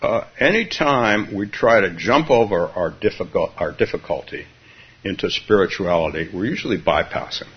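A man's voice: low-pitched, expressive, normal speed, breathy edge. A man from California giving a Zen dharma talk, musing aloud with frequent chuckles and restarts. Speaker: Zen teacher. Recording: dull lo-fi recording.

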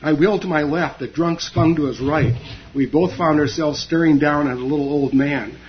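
A man giving a dharma talk, retelling a story with frequent fillers and pauses. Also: fairly high pitch, dull audio. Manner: halting, many fillers.

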